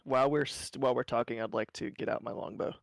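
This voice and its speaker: A man with a gravelly, creaky voice asks casual questions about a tabletop game's rules. The sound is dry and close. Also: medium pitch, fairly even intonation, quick pace, dry recording. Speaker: player. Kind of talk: casual tabletop game chat.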